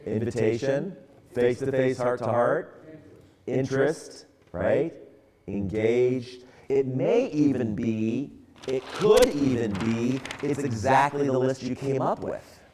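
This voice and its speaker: A man in his sixties from the San Francisco area gives a relaxed, storytelling church talk, full of casual fillers. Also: medium pitch, slow pace. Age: 60s. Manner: relaxed, conversational, many fillers. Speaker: church ministry speaker.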